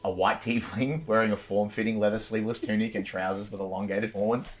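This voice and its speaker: Casting: male dungeon master, lowish voice, gory horror narration with loose fillers. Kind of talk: narrating a tabletop game.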